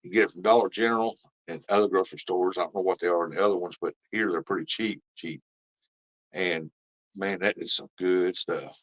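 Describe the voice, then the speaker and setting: A man's voice: deep voice, steady tone, fairly quick. A man hosting a live fishing stream, chatting casually and rambling as he reads out viewer comments. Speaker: fishing livestream host. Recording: dull lo-fi stream audio.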